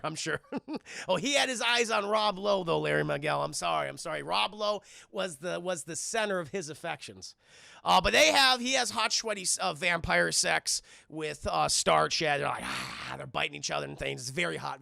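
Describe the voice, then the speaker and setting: Streamer, male, high gravelly voice, bright tone, profane animated film recap to chat. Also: dry recording, clean studio sound. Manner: animated, profane, acts out characters' lines in silly voices. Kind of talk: casual scene-by-scene film recap to live chat.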